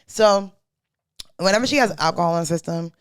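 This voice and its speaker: A woman's voice: lowish voice, brisk, smooth, dry recording. A young woman co-hosting a podcast, racing through a slangy, profane story and acting out every quote. Her voice sounds close and dry in a studio. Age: young adult. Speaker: podcast co-host. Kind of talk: casual storytelling chat.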